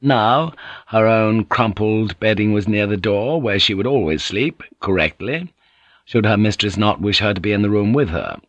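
A man narrating an audiobook in a measured, even storytelling manner. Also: lowish voice, dry recording, highs cut off. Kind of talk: scripted narration.

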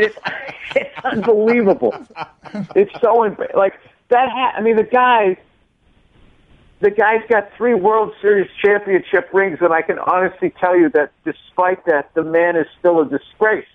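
A man's voice: sits high, unhurried, dry recording. A comedian telling stories in a casual interview, acting out voices as he goes. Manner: animated storyteller, acts out voices. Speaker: comedian guest. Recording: tinny phone-line sound, dry.

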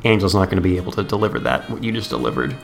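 A man's voice: sits low, animated, gravelly, faint music behind. A man co-hosting a podcast, recapping a movie in casual chat and acting out characters' lines. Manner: acts out characters' lines in quick voices. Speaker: podcast co-host.

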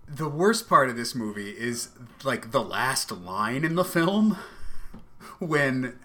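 A man co-hosting a podcast in casual comedic chat, animated and profane, laughing often. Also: mid-range voice. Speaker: podcast co-host.

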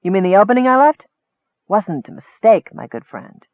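A man's voice: sits high, sing-song, normal speed, no room sound, pitched above the performer's own voice. A man voicing a mocking, serpent-like reptilian male swordsman who hisses his words slyly. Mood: sly mockery. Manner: hissing, sly and mocking. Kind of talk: audiobook character voice. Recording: thin phone-like dry sound.

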